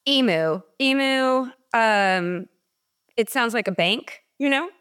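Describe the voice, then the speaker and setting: A woman's voice: on the high side, lively intonation, slow, fairly bright tone, clear, resonant tone. Woman, podcast panelist, casual chat, hesitant, trailing thoughts.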